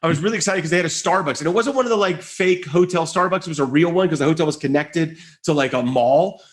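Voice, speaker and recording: A man giving a conference keynote, telling an animated story and acting out the voices of the people in it. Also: fast talker. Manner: animated, high-energy storytelling with acted-out quotes. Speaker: conference speaker.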